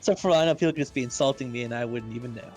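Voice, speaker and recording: Faint music plays behind a man commentating a fighting game tournament in a rapid-fire, somewhat mellow, medium-pitched voice. The esports caster dissects each play and accelerates whenever he explains something.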